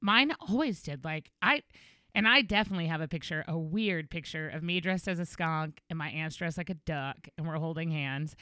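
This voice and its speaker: A woman rambles through stories on a casual podcast, giggling often. Her voice is smooth and slightly low, recorded dry and close to the mic. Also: a bit bright, no echo. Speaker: podcast co-host, librarian. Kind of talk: casual chat.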